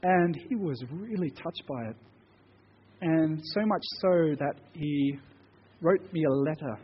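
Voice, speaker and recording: A high, slightly husky man preaches with earnest, conversational warmth, slipping from storytelling into prayer. His voice rings out with a long church-hall reverb. The sound is dull and muffled. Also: takes it slowly. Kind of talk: sermon with personal story and prayer.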